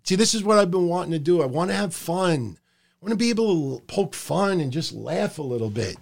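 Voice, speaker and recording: A middle-aged man hosts a live stream from home, hot lights on him, chatting in a loose, profane, rambling manner as a podcast host. His voice is a little high and a little fast, with lively intonation and vocal fry.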